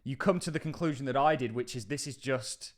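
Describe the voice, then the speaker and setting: A man hosting a crypto channel in casual, enthusiastic market commentary. He pushes key points with emphasis and keeps breaking off into quick offhand asides. His voice sits at an ordinary middle pitch for a man.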